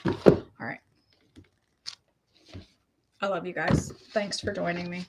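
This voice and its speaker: Speaking slowly in a lowish voice with fairly even intonation, a middle-aged health coach vlogger rambles to her viewers and teases herself. It's casual chat, and the recording is very noisy.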